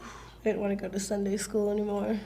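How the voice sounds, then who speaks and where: A woman's voice: mid-range voice, monotone, a little fast, creaky, mellow, a little hiss or hum. Giggly blunt woman, interview guest. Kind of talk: casual chat.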